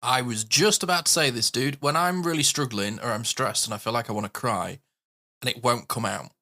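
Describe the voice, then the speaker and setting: Bright-voiced man telling candid stories. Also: mid-range voice, fairly quick. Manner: candid, animated storyteller, laughs easily. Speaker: podcast co-host. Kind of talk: casual podcast chat.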